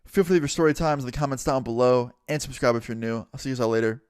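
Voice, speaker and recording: A young man relaxes into a casual storytime vlog, his retelling lively and peppered with swearing. His voice sits at an ordinary middle pitch. The recording is close and dry, with no room sound. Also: very fast, smooth, dry recording. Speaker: storytime vlogger.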